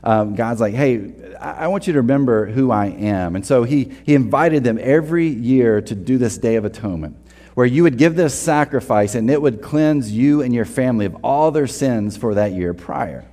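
A man's voice: mid-range voice, lively intonation, moderate pace, mellow, in a large hall. A man preaching a sermon in a casual, earnest way, often restarting his sentences and acting out quotes. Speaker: pastor. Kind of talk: conversational sermon.

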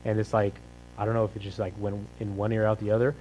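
Male pastor, casual sermon style, rapid delivery, low-pitched, faint hum in the background. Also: completely flat delivery, warm tone, lo-fi sound. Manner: conversational, peppered with "right?" and "like".

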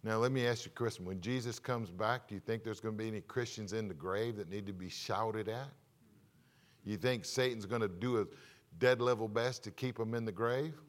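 A man's voice: on the low side, brisk. Emphatic preaching pastor, man. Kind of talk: sermon.

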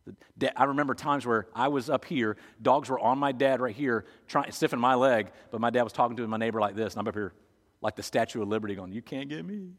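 A man's voice: mid-range voice, fairly even intonation, fast. Male pastor preaching in an echoey hall. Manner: storytelling, swinging from loud to hushed. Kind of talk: sermon. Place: church.

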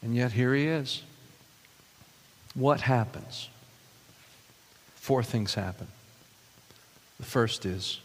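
A man's voice: medium pitch, takes it slowly, pauses often, in a large hall. A male pastor preaching a sermon, reading scripture aloud and then reflecting on it with rhetorical questions.

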